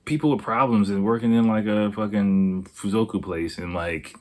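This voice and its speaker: A man with a deep, low-pitched voice hosting a podcast solo. He talks in a loose, rambling way, swearing freely and circling back with fillers and restarts. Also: steady tone, moderate pace, a little mellow. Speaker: podcast host. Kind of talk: casual rambling monologue.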